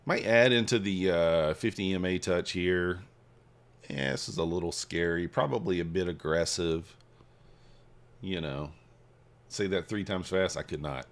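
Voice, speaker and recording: A man hosting a trading livestream, casually reading and answering viewer chat while he trades, swinging between hyped shout-outs and quiet muttering. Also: low-pitched, measured pace. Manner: hypes viewers, reads chat aloud, shifts from excited shouts to mumbling. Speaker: livestream host, futures trader.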